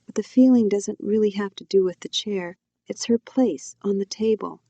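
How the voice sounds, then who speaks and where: A woman, the author, reading her own novel aloud in a quiet, reflective first-person telling. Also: medium pitch, normal speed, no echo. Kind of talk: audiobook narration.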